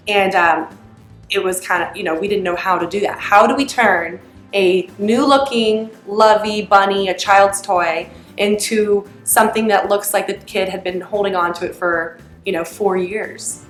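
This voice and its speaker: A mother telling a family story in a casual, chatty way, meandering and full of fillers. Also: mid-range voice. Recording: roomy echo.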